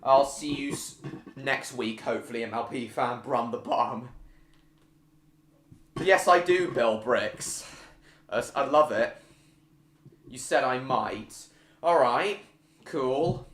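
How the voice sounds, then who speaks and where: A man's voice: medium pitch, expressive, slow pace, pauses often, fairly bright tone, echoey room. A man hosting a live stream, chatting casually with viewers and reading out their comments, with frequent fillers and restarts.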